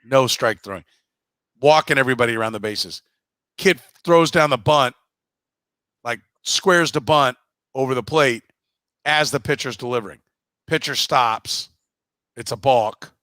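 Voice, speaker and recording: A man's voice: mid-range voice, bright, forceful tone, dry recording. A man co-hosting a casual sports podcast, blunt and profane, mocking others in put-on voices. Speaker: podcast co-host.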